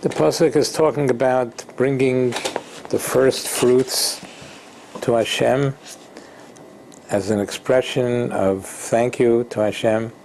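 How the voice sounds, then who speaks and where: Male Torah teacher, unhurried, halting delivery, slight background noise. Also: mid-range voice, gravelly, a little mellow. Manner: slow, halting, repeats words and restarts; mixes Hebrew and Yiddish-style Torah terms into English. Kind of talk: informal Torah lesson.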